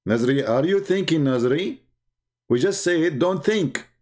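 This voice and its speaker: A man's voice: fairly high pitch, lively intonation, measured pace, a little mellow, pitched above the performer's own voice. A man voicing a stern male teacher who badgers a confused student with mocking questions. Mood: scolding.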